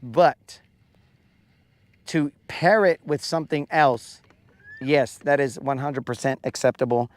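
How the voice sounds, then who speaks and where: A man's voice: medium pitch, slow pace, long pauses, dry recording. A man hosting a live fishing stream from a boat on a lake, chatting casually with his viewers in a rambling, jokey, self-mocking way. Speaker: fishing livestream host.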